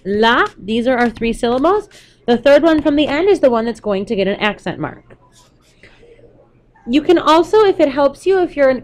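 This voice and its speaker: A woman's voice: a little high, a little mellow. A woman teaching a recorded Spanish lesson to students over slides, explaining patiently step by step with a few fillers along the way.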